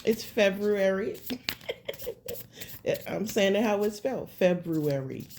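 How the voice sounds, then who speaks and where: A woman's voice: mid-range voice, little pitch movement, slow, darkish tone, slight background noise. A woman giving a casual tarot reading at home, talking straight to her viewers in a rambling, slangy, laid-back way. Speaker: tarot reader.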